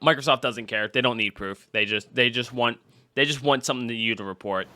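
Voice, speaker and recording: Speaking at medium pitch and a fairly quick clip, this podcast host chats casually. His storytelling is animated, and he performs the quoted lines himself.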